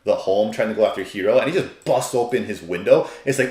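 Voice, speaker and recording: A man's voice: lowish voice, fairly quick, few pauses, echoey room. A man reviewing an anime episode in a casual, rambling, enthusiastic way, with lots of fillers.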